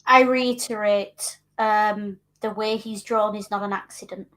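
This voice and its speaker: A woman's voice: mid-range voice, fairly even intonation, measured pace, fairly bright tone. A woman co-hosting a casual chat, frankly commenting on history with wry, emphatic asides. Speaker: co-host.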